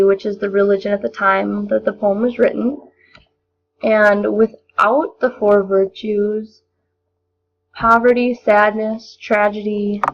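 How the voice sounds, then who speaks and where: A young woman giving a measured, explanatory spoken analysis of a poem as a lesson. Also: mid-range voice, vocal fry. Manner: measured, explanatory, occasional restarts. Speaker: student presenter. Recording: dull lo-fi recording.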